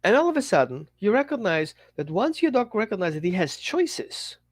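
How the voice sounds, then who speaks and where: Animated man teaching with acted-out dialogues. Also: sits high, normal speed, dry recording. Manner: animated, acts out little dialogues. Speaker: dog trainer. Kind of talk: casual teaching talk.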